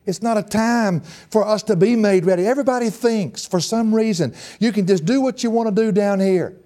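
A male preacher delivers a sermon in a folksy, emphatic manner. His voice sits slightly high for a man yet sounds mellow and warm. He keeps the delivery lively and animated. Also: brisk.

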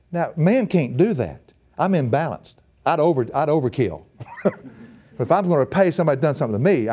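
A man preaching a sermon in a folksy, animated and emphatic way. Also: medium pitch.

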